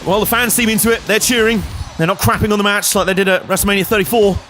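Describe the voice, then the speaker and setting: A man's voice: high-pitched, fairly even intonation, fast, a bit bright, faint music behind. A man hosting a let's play, commenting on a wrestling game in a jokey, sarcastic way. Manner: jokey, sarcastic, chuckling often.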